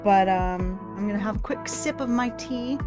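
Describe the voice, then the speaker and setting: A woman's voice: medium pitch, normal speed. A woman streaming from home in casual chat, thinking aloud as she sets things up. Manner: chatty, thinks aloud while setting things up. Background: faint lo-fi music.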